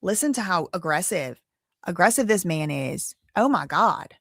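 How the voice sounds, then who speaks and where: Gravelly-voiced woman ranting bluntly. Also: on the low side, animated, moderate pace, noisy background. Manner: blunt, indignant, cursing, chatty with viewers. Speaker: host. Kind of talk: casual commentary on a live case update.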